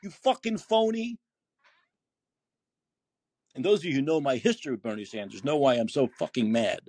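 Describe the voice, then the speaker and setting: A fast-talking man with a mellow, medium-pitched voice, a breathy edge, and lively intonation hosts a political call-in podcast, recorded without echo. Angry and indignant, he swears, poses rhetorical questions, and reads listener posts aloud in his commentary monologue.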